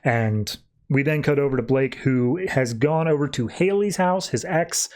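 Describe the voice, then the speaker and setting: A man's voice: mid-range voice, a little slow, a little mellow. A man with an ordinary mid-range voice, hosting a podcast. He runs through the story in a loose, chatty way, peppering his speech with "uh" and "like" as he goes. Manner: retells scenes breezily, with lots of "uh" and "like". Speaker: podcast host. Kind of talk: casual comic book recap and review.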